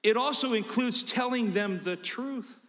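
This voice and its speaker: A man preaching a sermon as pastor, emphatic, swinging from low asides to loud preaching. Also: a little slow, in a large hall.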